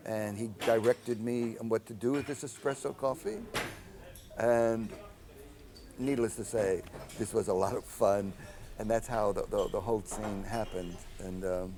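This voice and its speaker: An older man and composer telling anecdotes in an interview, animated and acting out the dialogue he quotes. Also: fairly low pitch, moderate pace. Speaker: film composer.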